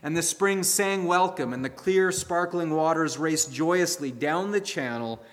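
Male preacher, sermon with a fable, earnest storyteller, slightly high voice, reverberant hall. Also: a little slow.

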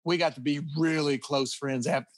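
A man's voice: fairly high pitch, steady tone, normal speed, dry recording. A middle-aged man telling rambling anecdotes in a casual interview, full of restarts and chuckles. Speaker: guest guitarist.

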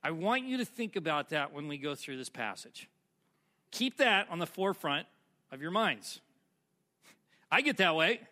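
A man's voice: on the high side, sing-song, moderate pace, long pauses, bright, forceful tone. A man preaching a sermon to a congregation, telling a personal story in a conversational way and asking the audience questions. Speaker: pastor.

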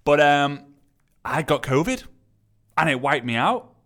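A man from England with an English accent and a slight lisp, hosting a solo motivational podcast in an emphatic, energetic way and repeating key phrases, still recovering from an illness. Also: fairly high pitch, unhurried. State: recovering from illness, not fully well. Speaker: podcast host.

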